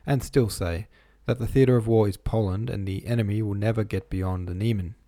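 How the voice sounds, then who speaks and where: A man voicing an irritable, peevish old prince who speaks gruffly and dismissively in an audiobook. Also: lowish voice, fairly even intonation, brisk, dark tone, no echo, clean studio sound, lightly acted. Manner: gruff and dismissive, scornful laugh.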